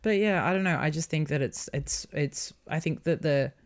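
A young woman with an Australian accent and a low voice chats frankly on a podcast. She swears freely and laughs often. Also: moderate pace. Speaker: podcast co-host. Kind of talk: casual chat.

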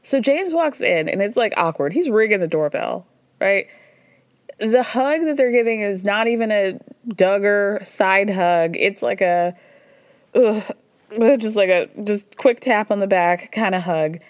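A woman's voice: medium pitch, measured pace, no echo. Gossipy woman podcast host, dry sound. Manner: chatty and gossipy, acts out quotes; blunt, swears casually. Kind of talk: casual solo recap podcast.

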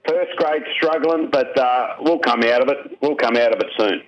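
A man's voice: mid-range voice, moderate pace, slight background noise. A man with an Australian accent, a guest calling in from his lounge room, chatting in a laid-back, jokey way. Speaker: phone-in guest. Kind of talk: casual banter. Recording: dull lo-fi line.

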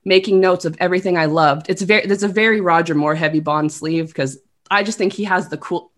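A woman's voice: fairly low pitch, brisk. A woman from Canada, a guest on a podcast, bubbly and enthusiastic, with lots of "like"s. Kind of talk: casual podcast chat.

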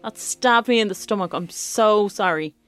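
A woman's voice: medium pitch, moderate pace, fairly bright tone, faint music behind. A woman co-hosting a radio show, sheepish and self-deprecating in casual banter. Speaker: radio co-host.

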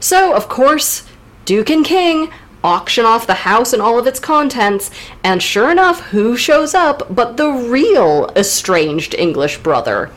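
Woman on a book podcast, super animated voice, joking her way through the plot. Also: a little high, measured pace. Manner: animated, jokey, playful asides. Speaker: podcast co-host. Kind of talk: casual literature recap chat.

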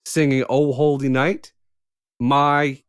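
A man's voice: medium pitch, little pitch movement, slow pace, clear, resonant tone, dry recording. Stubborn, argumentative man in a dry room. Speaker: podcast co-host. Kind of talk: casual chat.

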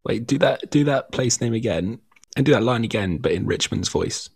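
A man's voice: mid-range voice, expressive, normal speed, husky. A man co-hosting a casual podcast, sounding sick, with a teasing, wry manner. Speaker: podcast co-host. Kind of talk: casual chat.

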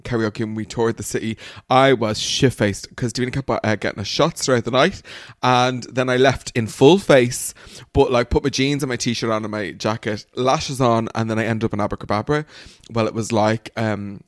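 A man's voice: medium pitch, steady tone, normal speed, dry recording. Camp irish guy dishing gossip on a podcast, swears a lot, dead dry mic sound. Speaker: podcast co-host. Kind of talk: casual gossip chat.

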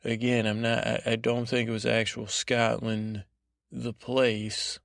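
Male podcast host, low and gravelly, flat delivery, halting and meandering storyteller, dry close recording. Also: no room sound. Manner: meandering, halting, self-interrupting. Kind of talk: rambling improvised bedtime storytelling.

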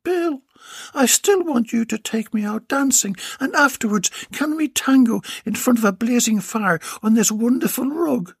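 A sweet, clingy young Russian woman, put on by a male narrator, pitched far up and swooping eagerly. The voice stays husky and breathy, recorded close and dry. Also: expressive, normal speed, no echo, exaggerated voice. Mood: pleading.

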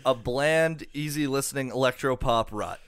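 A man's voice: medium pitch, normal speed, fairly bright tone, smooth, no room sound. A young man co-hosting a casual album review podcast, swearing a lot and rambling with fillers. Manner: profane, rambling, lots of fillers. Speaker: podcast co-host.

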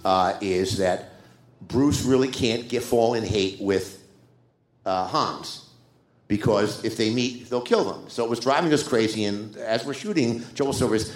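A man guest telling a behind-the-scenes story in an animated way, acting out other people's lines. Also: lowish voice, measured pace. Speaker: screenwriter guest. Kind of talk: anecdotal storytelling. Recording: roomy echo.

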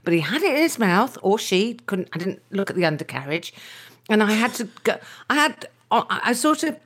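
Husky, animated woman chatting. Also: mid-range voice, brisk. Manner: animated storyteller, breaks into a bossy posh shouting voice. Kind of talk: casual chat.

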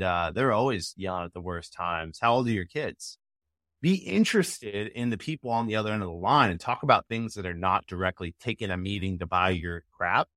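Man, fairly low voice, lively podcast guest, dry close sound. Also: no room sound. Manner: energetic, acts out call snippets. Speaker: sales expert guest. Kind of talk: podcast interview answer.

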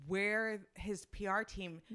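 A woman's voice: mid-range voice, fairly even intonation, slow pace, bright, forceful tone, clear, resonant tone. A woman co-hosting a podcast, chatting casually and sarcastically about celebrity gossip, full of "like" fillers. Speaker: podcast co-host.

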